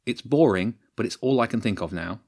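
A man voicing a brisk girl team captain. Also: fairly low pitch, darkish tone. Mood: urgent. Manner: brisk and commanding. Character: firm, practical girl football team captain. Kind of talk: storybook reading.

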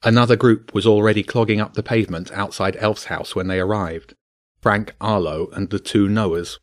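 A man reads a children's adventure tale aloud, steady and measured. His voice sits fairly low, and he never rushes. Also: no room sound, studio quality. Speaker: narrator.

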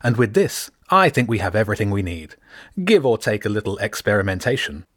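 A man voicing a brisk, dryly confident inspector in a storybook reading, talking fast and clipped. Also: lowish voice, big pitch swings, a bit bright, no echo, clean studio sound.

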